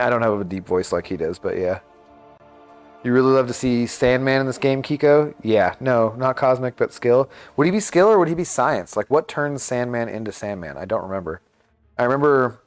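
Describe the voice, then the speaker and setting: Rambling, chatty male game streamer. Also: lowish voice. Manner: rambling, chatty, thinks aloud with many fillers. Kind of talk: casual live-stream chat.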